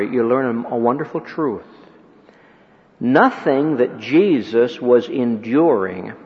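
Slow, dramatic preacher man in a reverberant hall. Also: mid-range voice. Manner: dramatic swings from ringing emphasis to hushed near-whisper; slow, deliberate rhetorical delivery with repeated questions. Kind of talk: sermon. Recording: dull lo-fi recording with long hall reverb.

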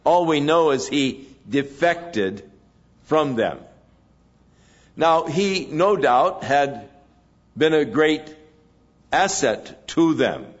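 A man preaching an expository sermon in a measured way, pausing between phrases. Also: a little high, animated, muffled recording. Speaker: pastor.

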